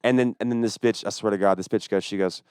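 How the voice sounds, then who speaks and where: A man, a stand-up comedian, telling a story on a podcast in an animated, profane and exasperated way. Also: on the low side, quick pace, clean tone, no echo, studio quality. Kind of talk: casual storytelling chat.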